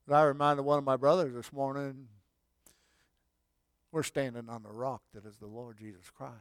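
A man preaching a sermon in a folksy way, swinging from loud calls to hushed lines. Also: mid-range voice, flat delivery, normal speed, smooth, no room sound. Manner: folksy, swells loud then drops to near whispers. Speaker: pastor.

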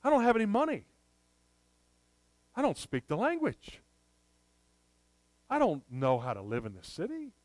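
A man's voice: high voice, huge pitch swings, moderate pace, pauses often, dry recording, pitched above the performer's own voice. A man preaching voices an earnest male country preacher who pleads and questions aloud. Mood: pleading.

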